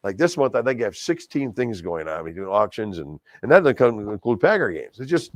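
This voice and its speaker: A middle-aged man from Wisconsin, a charity auctioneer telling stories in a casual interview, lively and self-deprecating, often restarting his words. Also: lowish voice, fairly quick, dry recording. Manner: animated, self-deprecating, many restarts and stammered repeats. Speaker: guest, charity auctioneer and stadium announcer.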